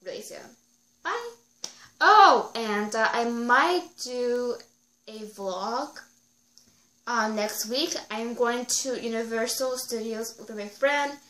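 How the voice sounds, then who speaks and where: Bright-voiced young woman, rambling recap. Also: on the high side, takes it slowly, roomy sound. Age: young adult. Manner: rambling, excitable, heavy use of 'like' fillers. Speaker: video reviewer. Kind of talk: casual episode recap.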